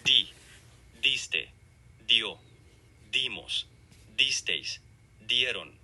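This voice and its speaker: Slow, husky man reading word drills. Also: medium pitch, animated, sharp tone. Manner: slow, deliberate, one word at a time. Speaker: model speaker reading examples. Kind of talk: reading word lists for a lesson.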